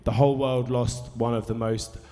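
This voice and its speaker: A man's voice: mid-range voice, flat delivery, moderate pace, dark tone, faint music behind. A man in his thirties telling a rambling, self-deprecating, sweary story to a live cinema audience, nervous with a dry mouth. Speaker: musician introducing a film screening. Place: cinema hall at a festival. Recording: live hall reverb, faint crowd ambience.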